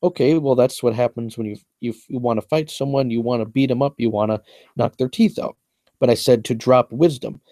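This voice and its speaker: A man's voice: mid-range voice, brisk, warm tone, no room sound. Boastful man explaining his own raps. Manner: boastful, repetitive, explains at length. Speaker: rapper breaking down his own lyrics. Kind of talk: casual lyric breakdown monologue.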